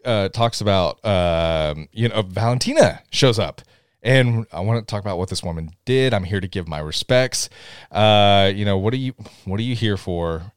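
Excitable male podcast co-host, low voice with a very lively pitch. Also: no room sound, studio quality. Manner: excitable, laughs a lot, acts out anecdotes. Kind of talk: casual chat.

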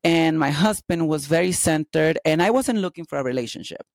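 A woman telling candid personal stories as an interview guest, lively and quick to act out the dialogue. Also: low voice, no echo. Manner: animated, acts out dialogue in quotes.

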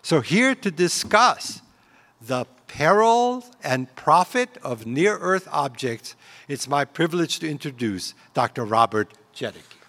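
A man hosting an event, reading a measured prepared introduction of the guest speaker in a big auditorium. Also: a little high, very animated, fairly bright tone. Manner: measured, reads a biography. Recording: long auditorium reverb.

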